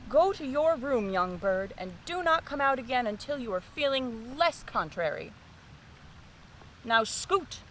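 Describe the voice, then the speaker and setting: A woman's voice: sing-song, takes it slowly, slight background noise, full character voice, poor audio. A woman doing a hearty father bird. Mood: angry. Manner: hearty, booming, turns scolding. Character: hearty father mockingbird, male, grown, warm but stern.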